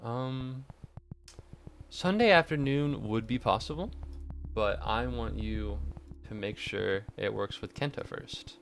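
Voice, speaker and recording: A man on a casual live stream, his voice sitting at an ordinary middle pitch. He rants with mock fury and plenty of swearing, then slips into low, deadpan remarks, worn out and stressed. Faint music plays softly behind him. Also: takes it slowly, vocal fry. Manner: sarcastic, swears a lot, mock-angry rants then quiet deadpan asides. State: tired, stressed.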